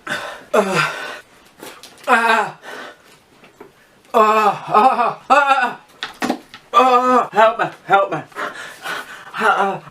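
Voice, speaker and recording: A woman's voice: on the high side, very slow, long pauses, pushed and bright. A woman groaning and pleading in pain during a food challenge vlog. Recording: distant mic, faint background noise.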